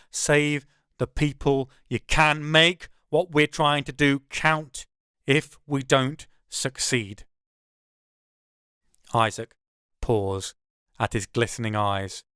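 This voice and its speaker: A man narrates his own novel in first person with a smooth, resonant, fairly high voice. His delivery is wry and conversational. The recording is dry and close. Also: fairly bright tone, no room sound.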